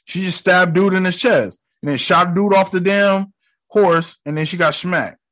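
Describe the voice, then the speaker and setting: A man giving casual reaction commentary on a show, excitable and profane, full of slang, sometimes acting out lines. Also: high-pitched, normal speed. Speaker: reaction video host.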